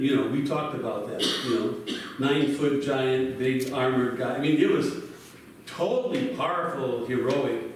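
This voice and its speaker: Guy preaching a bible story, bit high voice, really echoey hall, sounds far from the mic. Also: slight background noise. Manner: animated retelling, acting out characters' lines. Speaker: pastor. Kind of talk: sermon storytelling.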